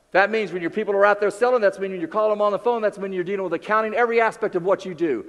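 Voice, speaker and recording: A man giving a keynote speech as a motivational speaker, telling stories with lively acted-out dialogue. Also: sits high, fast, hardly any pauses, long reverb tail. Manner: animated storyteller, acts out dialogue. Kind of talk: keynote speech to a live audience.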